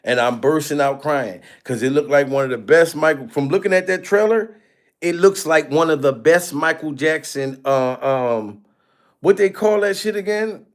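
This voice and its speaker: Male livestream host with a high voice. Loose and profane, laughs a lot, thanks donors. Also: moderate pace. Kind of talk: casual livestream chat.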